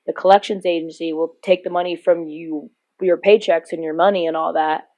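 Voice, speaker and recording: A woman's voice: lowish voice, steady tone, fairly quick, darkish tone. A young woman co-hosting a podcast in casual chat, telling stories at length, often laughing and swearing freely. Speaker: podcast co-host.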